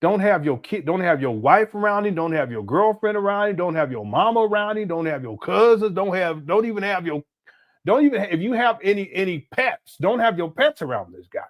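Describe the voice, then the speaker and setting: A man's voice: high voice, expressive, a little fast. A man in his late forties hosting a casual reaction commentary, mocking and laughing as he talks. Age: 40s. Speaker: commentary host.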